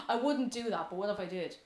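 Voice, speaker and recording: A woman's voice: mid-range voice, moderate pace, darkish tone. A woman with an Irish accent casually chatting with her livestream viewers while baking, playfully greeting them by name. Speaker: livestream host.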